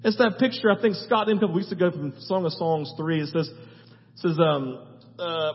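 A man with a high voice preaching a sermon, stacking long repeated lists and checking in with "right?". His voice rings with a long hall reverb and sounds dull and muffled. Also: steady tone, moderate pace. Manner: emphatic, repeats lists, tags phrases with "right?". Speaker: pastor.

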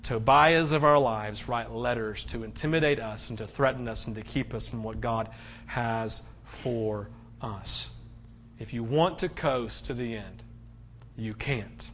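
A man preaching a sermon as pastor, building to loud, emphatic peaks and telling stories with lots of "right?" asides. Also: medium pitch, a little hiss or hum. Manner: animated storytelling with frequent "right?" asides. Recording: dull, lo-fi sermon recording.

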